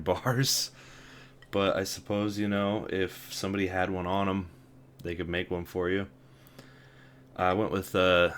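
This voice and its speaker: A man's voice: deep voice, a bit bright, slight background noise. A young man hosting a casual vlog, wry and self-deprecating, often laughing at himself. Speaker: vlogger.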